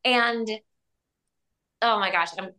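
Woman, podcast host, casual chat, rambling, animated, laughs often, bright tone. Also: fairly high pitch, slow pace. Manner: rambling and animated, many fillers and frequent laughs.

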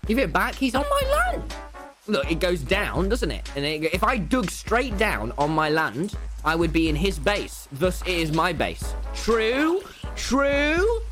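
A young man streaming a game live, loud, boastful and jokey, often yelling and laughing at his chat. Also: on the high side, expressive, normal speed, few pauses, music in the background. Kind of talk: excitable gaming livestream chat. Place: home room.

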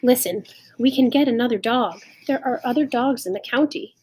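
A woman voicing a practical country mother who scolds her child gently, in a storybook reading. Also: a little high, normal speed, slight background noise, voice pushed up, natural voice. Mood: firm. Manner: scolding, sensible.

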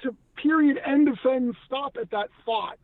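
A man's voice: very high-pitched, moderate pace, dry recording. A man, a guest who once acted and now works in news media, talking earnestly and emphatically about faith in a casual conversation, with many restarts. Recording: tinny phone-like line, dry.

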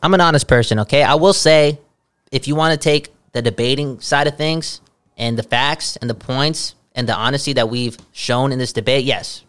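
A young man co-hosts a podcast, chatting casually and excitably with plenty of swearing and jokes. His mid-range voice is smooth and moves at a moderate pace.

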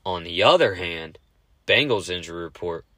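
Fast-talking, cussing man with a deep voice. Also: lively intonation, very noisy. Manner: fast, profane, rambling. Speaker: sports podcast host. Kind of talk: casual sports talk.

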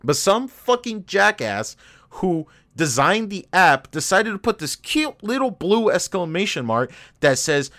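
Profane, animated man telling a story. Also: high-pitched, measured pace. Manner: profane, animated, rants in bursts. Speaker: podcast co-host. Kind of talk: casual storytelling chat.

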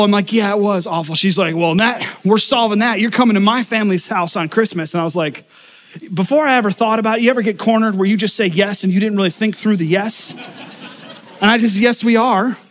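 A young adult man, a pastor, telling a comic story in a sermon with animated, self-deprecating delivery and frequent laughter. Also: high voice.

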